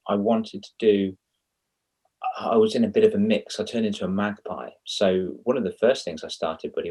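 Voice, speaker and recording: A man speaking as a guest in a casual interview, a children's confidence coach who talks in an animated, rambling way with self-mocking asides. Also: on the low side, slightly rough.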